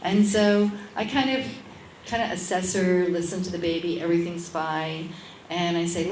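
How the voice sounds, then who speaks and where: Animated woman midwife telling a story. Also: fairly low pitch, normal speed, roomy sound, recorded from a distance, a little hiss or hum, low-quality recording. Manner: animated, acts out the voices in her stories. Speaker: midwife, interview guest. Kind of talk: lively anecdotal storytelling. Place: restaurant at a lunchtime public talk.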